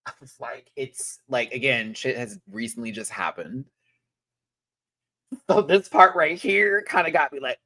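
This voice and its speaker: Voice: slow pace, pauses often. Sassy reviewer ranting live, voice jumps all over the place. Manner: animated, swings into high-pitched exclamations and sassy asides. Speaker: show reviewer.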